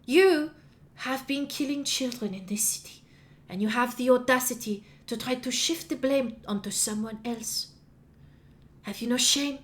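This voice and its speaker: A woman voicing a stern female archbishop who passes judgment in formal, measured pronouncements. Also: sits high, pitched above the performer's own voice.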